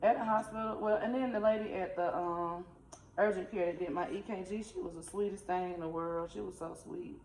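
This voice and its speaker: A woman, telling a personal faith testimony in a casual, animated, conversational way. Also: lowish voice, a little fast. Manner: animated, conversational, uses dialect. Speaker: spiritual vlogger. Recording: echoey room, faint ambient noise.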